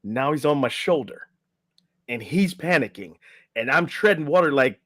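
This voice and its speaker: A man's voice: medium pitch, animated, normal speed, a bit bright, dry recording, studio quality. A middle-aged man, a podcast guest and life coach, telling a story casually and acting out the quotes, often tagging lines with "right?".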